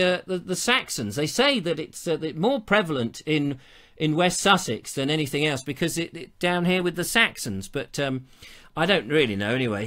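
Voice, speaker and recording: This show host, a middle-aged man from England, chats casually on a live online broadcast. His voice is a little high and a bit bright, and he spins theatrical stories full of playful asides.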